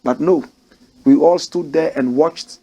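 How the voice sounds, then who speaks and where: Hosting a commentary show, a Ghanaian man discusses the news in a lively, preacher-like style, pressing hard on key words and repeating phrases for weight. His voice sits a little higher than most men's, and he speaks a little slowly.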